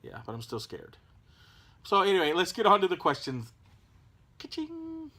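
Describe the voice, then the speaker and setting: A man's voice: fairly high pitch, big pitch swings, fairly quick, bright, forceful tone. A man with a Southern American accent chatting casually at home as co-host, rambling with stammered restarts. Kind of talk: casual chat.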